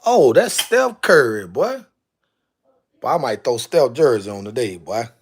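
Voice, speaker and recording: A man's voice: mid-range voice, sing-song, a little slow, slight background noise. A man chatting casually on a live stream, exclaiming to himself as he goes through jerseys. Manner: drawling, exclaiming to himself while sorting jerseys.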